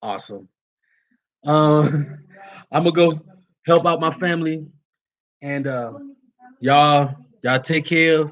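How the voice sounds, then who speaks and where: Folksy Vodou priest talking to followers. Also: male voice, a little high, slow pace, long pauses, fairly bright tone, lo-fi sound. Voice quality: folksy and plain-spoken, uses y'all. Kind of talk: casual livestream talk to followers.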